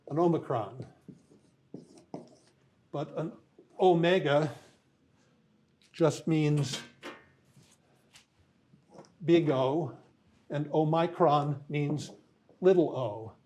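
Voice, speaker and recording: An older man giving a university lecture in a thoughtful, unhurried way, often pausing with fillers. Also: a little high, darkish tone. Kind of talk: classroom lecture.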